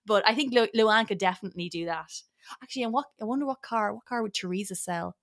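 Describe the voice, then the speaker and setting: A woman guest who does voice work, chatting animatedly with quick asides and laughs. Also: medium pitch, fairly bright tone. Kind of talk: casual chat.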